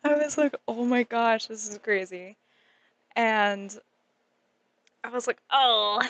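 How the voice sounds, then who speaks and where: A young woman tells a casual storytime story, bubbly and giggly, her speech full of "like". Her voice sits a little high. It is recorded close to the mic in a dry room. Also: slow, dry recording, highs cut off. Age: young adult. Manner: animated, giggly, lots of "like". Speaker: vlogger.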